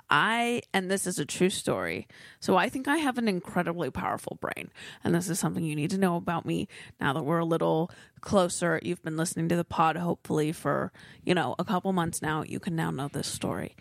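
Gravelly low-voiced woman telling stories. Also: expressive, fairly quick, dry recording, studio quality. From California. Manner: chatty, wry storyteller. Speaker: podcast co-host. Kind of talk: casual chat.

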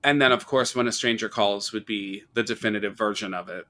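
Podcast host, male, bright lively voice, animated storyteller who acts out quotes. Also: lowish voice, brisk. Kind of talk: casual horror movie discussion.

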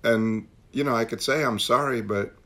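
A man's voice: mid-range voice, moderate pace, fairly bright tone. A man leading a recovery meeting on a call, talking earnestly and repeating phrases for emphasis. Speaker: meeting leader.

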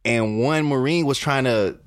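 A man's voice: medium pitch, a little slow, no room sound. Slangy young man telling stories, dry. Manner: loose, storytelling with slang. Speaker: podcast co-host. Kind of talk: casual chat.

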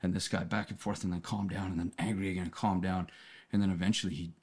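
Man, very low voice, earnest storyteller, casual podcast talk, restarts often. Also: little pitch movement, quick pace, slightly rough. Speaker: podcast guest. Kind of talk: casual conversation.

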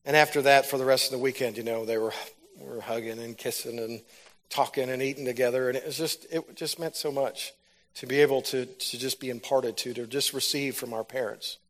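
A man's voice: medium pitch, fairly even intonation, fairly quick. A man giving a sermon, telling a personal testimony that builds into fervent preaching. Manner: storytelling, rises to loud fervent preaching.

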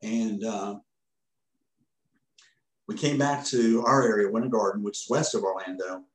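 Low-voiced man telling a story earnestly. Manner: earnest, halting, often restarts mid-sentence. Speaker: podcast guest, ministry founder. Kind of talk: casual spoken storytelling. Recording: roomy echoey room.

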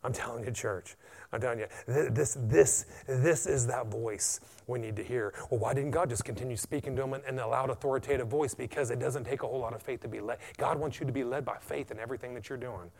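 A man as American pastor, mid pitch, preaches with loud peaks and hushed drops, peppers "amen". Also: quick pace, vocal fry. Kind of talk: sermon.

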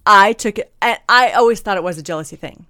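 A woman telling a personal story in a candid, blunt, animated way, acting out what people said. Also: medium pitch, quick pace, no echo. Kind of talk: casual storytelling chat.

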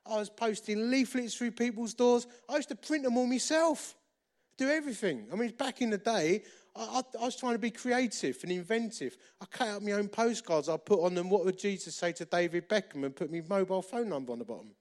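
Animated preacher, fairly high voice. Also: male voice, a little fast. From England. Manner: animated, self-deprecating humour. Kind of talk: storytelling sermon.

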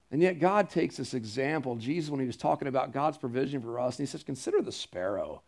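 A man's voice: mid-range voice, lively intonation, quick pace, few pauses, darkish tone. A male pastor preaching a sermon, earnest and emphatic, repeating key phrases and turning to the congregation with casual asides.

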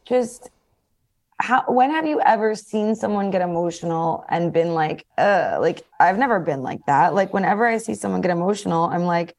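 A woman guest on a podcast, gushing and enthusiastic as she chats. Her voice sits a little low for a woman. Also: darkish tone. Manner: effusive, enthusiastic, fast talker. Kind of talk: casual chat.

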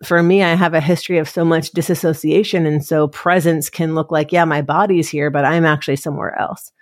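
A woman hosts a podcast in a heartfelt, conversational chat about parenting and presence, earnest and reflective and tearful at times. Her voice is low-pitched and steady, fairly quick, recorded with clean studio sound and no room sound.

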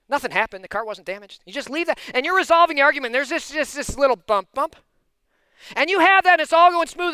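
Intense, high-voiced man preaching. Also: fast, no room sound. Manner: animated and intense, given to loud outbursts; chatty, full of fillers and asides. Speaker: pastor. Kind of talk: sermon with personal storytelling.

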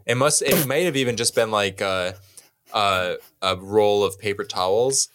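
A young man co-hosting a podcast, telling a long story in a casual, animated, self-mocking way and swearing freely. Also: fairly low pitch, moderate pace. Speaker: podcast co-host.

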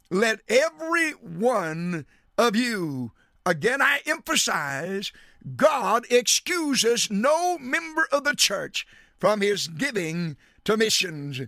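A man's voice: sits high, sharp tone, no room sound, clean studio sound. A middle-aged man preaching a radio sermon, emphatic and preachy, laying out numbered points.

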